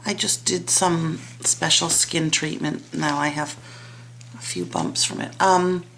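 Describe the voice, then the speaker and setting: A woman's voice: low voice, steady tone, takes it slowly, creaky, a bit bright, a little hiss or hum. A woman vlogger chatting casually at home about lipsticks and nail polish, rambling, trailing off and restarting, poking fun at herself. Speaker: beauty vlogger. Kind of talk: casual product review chat.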